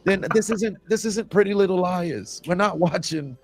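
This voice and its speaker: A man with a hoarse, sore throat, talking as a guest on a casual podcast and telling animated stories that wander off on tangents. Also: high voice, moderate pace. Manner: animated, tangent-prone storytelling. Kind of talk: casual chat.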